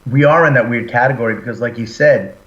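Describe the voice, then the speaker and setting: A man's voice: medium pitch, quick pace. A man who sings and fronts a metal band, chatting in an interview and telling stories with acted-out quotes. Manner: animated storyteller, acts out quotes. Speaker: band singer and frontman, guest. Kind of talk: casual interview chat. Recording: roomy, dull lo-fi sound.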